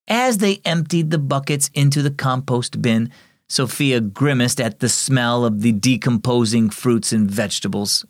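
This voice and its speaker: A man's voice: on the low side, a little slow, dry recording, studio quality. A man narrating a scripted children's devotional, earnest and encouraging.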